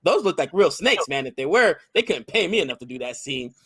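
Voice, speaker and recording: A man co-hosts a casual movie review in a relaxed, matter-of-fact way. His voice is a touch high and the sound is dry and close, with no room echo. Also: fairly quick, husky. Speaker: co-host of a movie review show.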